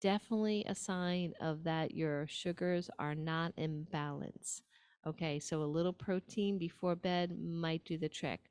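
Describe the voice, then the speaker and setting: A woman with a New York accent hosts a nutrition show in a chatty, casual way, full of ums and asides to her viewers. Her voice sits a little low. The sound is dry and close, with no room around it. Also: steady tone, a little slow, a little mellow, smooth, dry recording. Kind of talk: casual talk-show advice.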